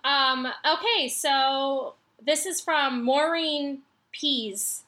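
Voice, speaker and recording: Bright, slow-reading woman with listener mail. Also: high-pitched, a little hiss or hum. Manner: measured, amused reading, laughs in between. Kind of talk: reading letters aloud on a podcast.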